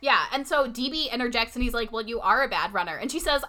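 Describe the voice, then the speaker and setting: A woman casually recapping a TV episode with a co-host, retelling scenes through quick quoted lines. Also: on the high side, expressive, pushed and bright.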